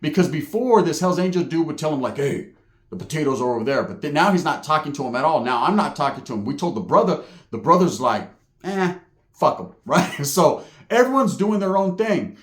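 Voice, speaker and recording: A man's voice: fairly high pitch, very animated, a little fast, roomy sound. A man from California telling a prison story in casual street slang, full of profanity and "right?" asides. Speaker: storyteller recounting prison life.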